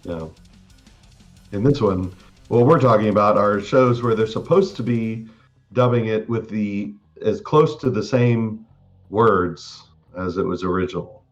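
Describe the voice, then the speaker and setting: A man's voice: fairly low pitch, a little slow. Man, podcast co-host, casual chat, laid-back, dull lo-fi sound, faint music. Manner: laid-back, frequent short agreements and laughs.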